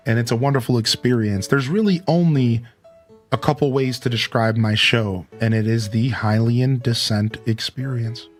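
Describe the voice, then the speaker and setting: A man's voice: medium pitch, moderate pace, faint music behind. A man streaming a cozy building game, chatty and upbeat as he thinks aloud about his choices. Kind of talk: let's play commentary.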